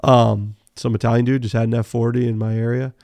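A man telling animated, profanity-laced car racing stories as a podcast guest, full of fillers. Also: medium pitch, brisk, dry recording. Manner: animated, swears freely, many fillers. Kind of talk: casual storytelling interview.

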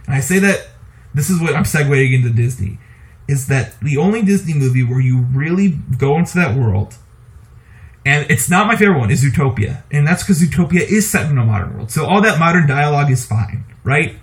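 A man co-hosting a podcast, talking casually about movies in an animated, opinionated way and laughing often. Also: a little high, fairly quick. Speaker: podcast co-host.

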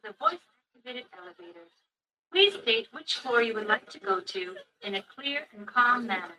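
An actress voicing a polite automated elevator that keeps asking people to repeat themselves. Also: female voice, fairly high pitch, lively intonation, normal speed, bright, forceful tone, distant mic, low-quality recording. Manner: polite, repetitive prompts. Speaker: voice-recognition elevator.

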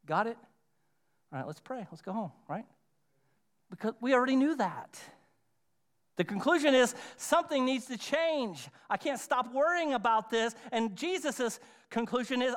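A male pastor preaching a sermon to his church, emphatic and conversational, with dramatic pauses and repeated phrases. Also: high voice, lively intonation, a bit bright. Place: church sanctuary.

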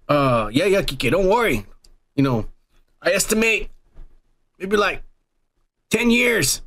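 A man's voice: high-pitched, very animated, takes it slowly, a bit bright. A young man hosting a podcast, joking and rambling with lots of profanity. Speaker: podcast host. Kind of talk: casual crude podcast banter.

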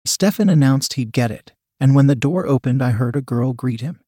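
A man reading a first-person story aloud in an even, measured narration. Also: mid-range voice, slightly rough, no echo, clean studio sound. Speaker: audiobook narrator.

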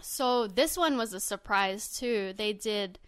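Upbeat female podcast co-host, smooth clear voice, giggly chat. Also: mid-range voice, slow pace. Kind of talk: casual chat.

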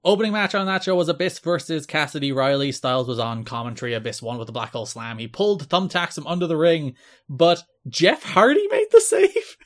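A man's voice: mid-range voice, animated, fast, few pauses, fairly bright tone. A man co-hosting a casual wrestling podcast, recapping old episodes in a dry, wry way and laughing often. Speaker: podcast co-host.

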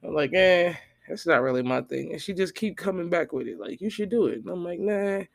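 A podcast host telling a profane, animated story in a casual monologue, quoting the people in it. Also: male voice, fairly high pitch, a little fast, gravelly. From Florida.

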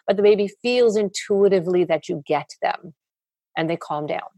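A woman therapist talks through her method in an interview, with a gravelly, slightly husky voice. She explains steadily and slips into quoted voices of parents and kids. The sound is close and dry. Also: medium pitch, fast, darkish tone, no echo. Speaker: child and family therapist.

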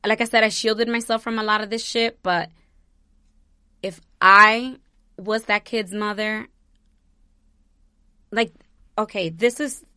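A woman's voice: mid-range voice, fairly even intonation, takes it slowly, pauses often, pushed and bright, clear, resonant tone, no room sound. A young woman from New Jersey vlogging, giving impassioned personal commentary that circles back on itself, close to tears and swearing freely. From New Jersey, USA.

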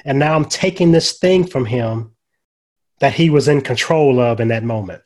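A man's voice: medium pitch, normal speed, a little mellow. Older male chaplain guest, folksy storyteller, mid-range voice, conversational. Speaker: guest, grief ministry chaplain. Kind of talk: casual storytelling.

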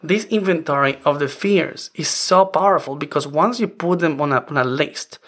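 Man, forties, non-native English, podcast host, earnest, rambling, fairly high voice. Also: normal speed, a bit bright. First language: not English. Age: 40s. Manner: earnest, rambling with many "I mean" restarts. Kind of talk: casual self-help podcast monologue.

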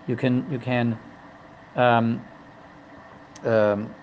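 A man's voice: medium pitch, flat delivery, extremely slow, muffled recording, a little hiss or hum. A man teaching a religious text, humorous and digressive, often repeating and restarting his phrases. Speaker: Torah teacher. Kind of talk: religious lesson.

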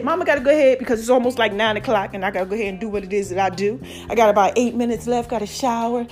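High-voiced woman hosting a pep talk. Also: darkish tone. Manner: playful, repeats phrases, calls listeners "baby". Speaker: podcast host. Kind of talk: casual motivational talk.

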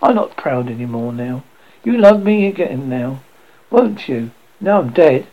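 A man's voice: medium pitch, big pitch swings, unhurried, muffled recording. A man voicing the faint, weary ghost of a dead young wife, speaking in a hollow, pleading tone. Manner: pleading, tender.

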